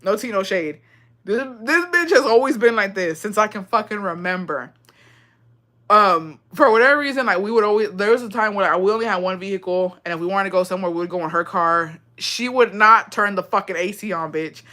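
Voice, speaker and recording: Woman, young, bright tense voice, casual storytelling, profane. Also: mid-range voice, fairly quick. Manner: profane, expressive, mixes in Spanish phrases. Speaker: streamer.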